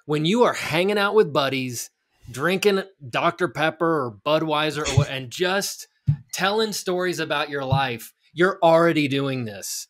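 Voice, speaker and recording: A middle-aged podcast co-host with a slightly high voice. He explains earnestly and builds his argument step by step in a relaxed, conversational tone. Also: a little slow. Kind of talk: casual podcast chat.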